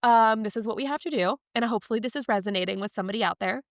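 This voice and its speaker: Candid higher-voiced young woman. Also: very fast, dry recording, studio quality. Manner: emotional, confiding, animated retelling. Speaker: podcast guest. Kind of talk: candid personal storytelling.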